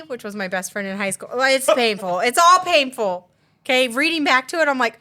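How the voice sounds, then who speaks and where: A woman's voice: a little high, normal speed, bright, forceful tone. A young woman hosting a podcast, chatting in a bubbly, talkative way and laughing often. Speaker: podcast host. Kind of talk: casual chat.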